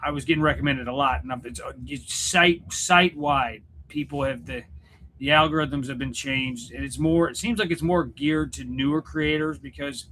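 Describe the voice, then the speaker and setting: Bright-voiced man rambling on a livestream. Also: on the high side, lively intonation, normal speed, a little hiss or hum. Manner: rambling, self-interrupting, joking. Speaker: YouTube channel host and musician. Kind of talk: casual livestream chat. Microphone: computer setup at home.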